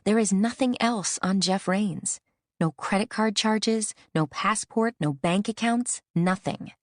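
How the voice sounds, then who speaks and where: A woman's voice: mid-range voice, measured pace, no room sound, voice pushed up, lightly acted. A woman voicing a blunt, loyal female friend, with a matter-of-fact, dry delivery.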